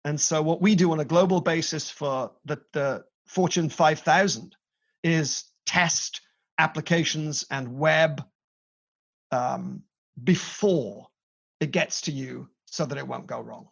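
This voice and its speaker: A middle-aged British man, a company chief, telling his career story in an animated way with playful asides. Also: on the high side, slow pace, creaky, highs cut off. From Britain. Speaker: company CEO, guest. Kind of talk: conversational interview.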